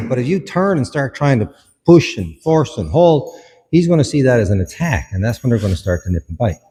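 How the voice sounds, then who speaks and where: A man's voice: medium pitch, big pitch swings, fairly quick, a little mellow, slightly rough, big-room sound. A man, a dog behaviourist, explains a hands-on dog training demonstration in short instructive steps and commands.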